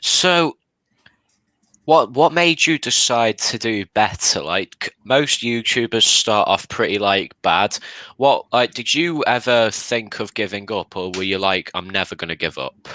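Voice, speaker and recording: A man's voice: on the low side, lively intonation, slow, pushed and bright, dry recording. A young man hosting a casual voice call, talking in a bossy, teasing way. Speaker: host of a story call. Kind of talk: casual chat over a voice call.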